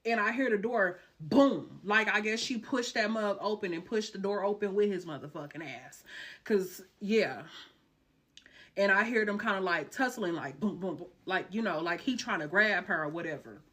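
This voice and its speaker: A woman's voice: medium pitch, normal speed. A woman telling a dramatic personal story in a casual vlog, cursing freely and talking in slang. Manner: animated, profane, slangy storytelling.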